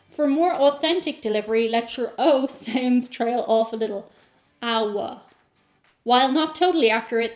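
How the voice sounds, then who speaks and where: Woman reading a how-to with dry little jokes, kinda high voice, roomy echo. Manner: deadpan jokey asides. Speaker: host. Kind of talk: comic reading of an accent tutorial. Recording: echoey room with faint music.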